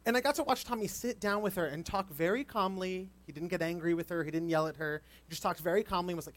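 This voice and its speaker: A man filling in as preacher at an outdoor church service, giving a candid, conversational sermon with gentle storytelling. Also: sits high, fast, few pauses. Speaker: guest preacher.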